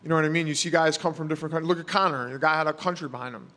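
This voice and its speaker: A man's voice: fairly high pitch, steady tone, rapid-fire, pushed and bright, in a large hall. A man, answering press questions in a casual, rambling way full of fillers. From New York. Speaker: fighter.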